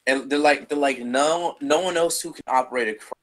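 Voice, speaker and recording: A young man co-hosting a podcast tells work stories in a casual chat, rambling loosely, repeating himself, and swearing offhandedly. His fairly high, fairly bright voice moves fairly quickly, and the recording quality is low.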